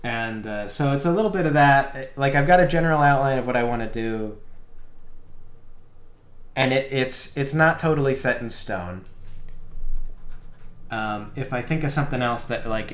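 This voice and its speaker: A man's voice: medium pitch, echoey room. A man chatting casually on a live stream about the game he is building alone, rambling with lots of fillers. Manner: rambling, filler-heavy, animated storytelling. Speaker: solo indie game developer streaming.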